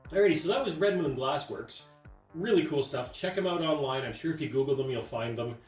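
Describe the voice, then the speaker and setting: A man's voice: fairly high pitch, expressive, fairly quick, soft background music. Laid-back man, distant and echoey. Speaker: co-host. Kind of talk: casual chat.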